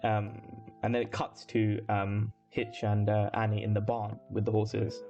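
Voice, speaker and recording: A man's voice: on the low side, monotone, unhurried. A man co-hosting a casual chat breaking down an anime episode, rambling with fillers and swearing. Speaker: podcast co-host. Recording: lo-fi with music behind.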